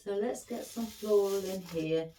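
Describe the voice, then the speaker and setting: A woman's voice: mid-range voice, measured pace, dark tone, a little hiss or hum. A middle-aged woman chatting as she hosts a craft tutorial, rambling and affectionate toward her viewers. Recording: echoey room.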